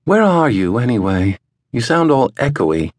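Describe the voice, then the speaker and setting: Guy putting on a teasing amused sister voice, way higher than his own, audiobook. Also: very animated, a little slow, no room sound. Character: laughing adult woman, teasing sister.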